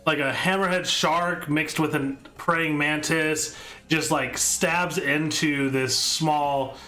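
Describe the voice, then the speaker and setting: A man's voice: on the high side, fairly even intonation, takes it slowly, sharp tone, faint music behind. A man running a tabletop game as game master, describing the scene with many fillers. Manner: filler-heavy descriptive narration.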